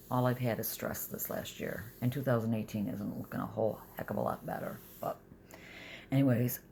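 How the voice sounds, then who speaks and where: A woman's voice: very deep voice, gravelly, a little mellow, a little hiss or hum. A middle-aged woman venting in a casual vlog from her bed at home, rambling and confessional, sometimes sinking to a near-whisper.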